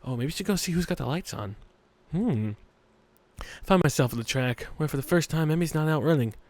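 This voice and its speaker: Dude reading a visual novel on a let's play, crude rambling jokes, voice sits kinda high. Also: male voice, lively intonation, a little fast, darkish tone, no echo. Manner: joking, crude, rambling asides.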